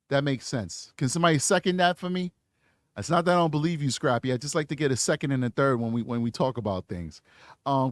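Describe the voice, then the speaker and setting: A man's voice: medium pitch, no room sound, clean studio sound. An American man hosting a live true crime show, giving emphatic, rambling commentary on clips and reading viewer chat.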